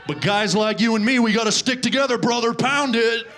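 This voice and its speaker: A man's voice: very high voice, a little fast, fairly bright tone, some chatter behind, pitched above the performer's own voice. A man voicing a crude, conspiracy-minded male rideshare passenger who rants profanely and chummily, performed on a comedy club stage. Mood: chummy. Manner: profane, buddy-buddy ranting. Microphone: handheld stage microphone.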